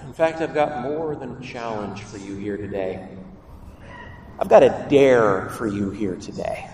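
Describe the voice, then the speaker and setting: A man's voice: fairly low pitch, a little slow, a little mellow, a little hiss or hum. A man, a priest, giving a homily in a church, with a dramatic delivery that acts out the voices he quotes. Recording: roomy church reverb from a distance.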